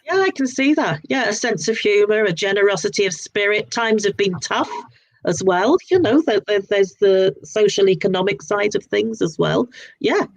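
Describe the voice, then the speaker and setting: A woman in her sixties with a southern English accent, chatting as a guest author in a relaxed interview, rambling and restarting her sentences often. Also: mid-range voice, normal speed. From southern England. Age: 60s. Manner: rambling, frequent restarts and repeated words. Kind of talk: casual interview chat.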